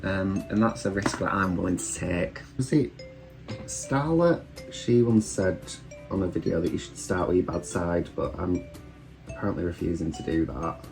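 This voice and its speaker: A deep-voiced British man rambles cheerfully through his makeup routine, teasing himself along the way. Faint background music plays beneath his relaxed chat at home. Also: moderate pace. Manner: chatty, rambling, self-deprecating. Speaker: drag queen vlogger. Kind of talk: casual get-ready-with-me chat while doing makeup. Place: room at home.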